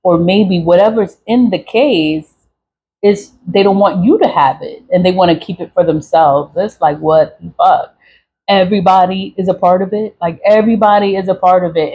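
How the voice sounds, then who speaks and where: A woman's voice: lowish voice, darkish tone, slightly rough, poor audio. A woman vlogger venting to camera in a profane, repetitive rant, with short laughs and sighs. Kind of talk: angry venting monologue to camera.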